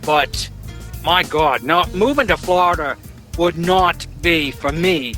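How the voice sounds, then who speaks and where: Guy calling into a podcast, kinda rambly and jokey, bright forceful voice, bit of music under it. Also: on the high side, slow. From New Jersey. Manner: rambling, jokey, deadpan boasting. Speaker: caller. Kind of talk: phoned-in voicemail monologue.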